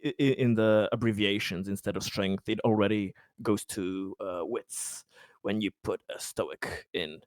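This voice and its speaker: A man playing a tabletop game, casual and animated, quick to laugh and swear. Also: fairly low pitch, no room sound, clean studio sound. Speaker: player.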